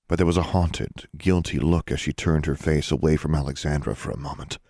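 Low, husky male audiobook narrator. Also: steady tone, fairly quick, hardly any pauses, dark tone, no echo, studio quality.

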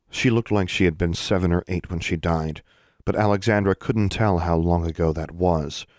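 A man narrating a fantasy audiobook in a steady storytelling manner. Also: low voice, no echo, clean studio sound.

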